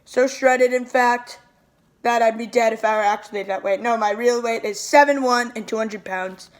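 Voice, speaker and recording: In a comedic impression monologue, a woman plays a petty, self-pitying male president who rambles, repeats nicknames, and sounds boastful. Her voice is fairly high, close to an everyday voice, at normal speed.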